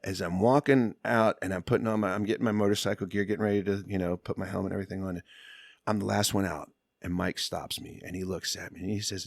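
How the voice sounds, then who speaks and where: A middle-aged man with a fairly low voice tells a long story in a loose, casual way. He is animated and slangy and acts out the other people's lines. His voice sounds dry and close, with no room around it. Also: fast talker, creaky, no room sound. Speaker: guest.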